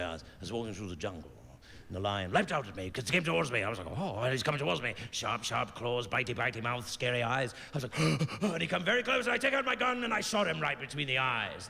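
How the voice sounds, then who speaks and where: A man's voice: medium pitch, creaky, pushed and bright. A middle-aged man doing a stand-up comedy routine on stage, a rambling storyteller who keeps sidetracking himself and slips into silly voices. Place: stage before an audience. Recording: live stage sound with long reverb.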